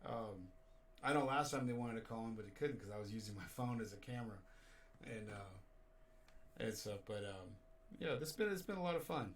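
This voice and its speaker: A man's voice: fairly low pitch, lively intonation, normal speed, distant mic, a little hiss or hum. A man hosting a casual show, telling rambling stories and chuckling along. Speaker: show host. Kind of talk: casual radio show chat.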